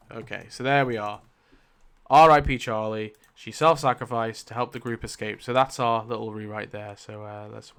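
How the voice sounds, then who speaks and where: A man giving casual, animated commentary as he rewrites a story, thinking aloud, swearing and exclaiming in mock outrage. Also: mid-range voice, smooth. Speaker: YouTube creator.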